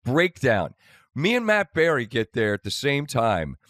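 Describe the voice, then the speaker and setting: A man hosting a podcast, telling a wry, animated rant about an airport ordeal in casual chat. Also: mid-range voice, unhurried, no echo, studio quality. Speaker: podcast host.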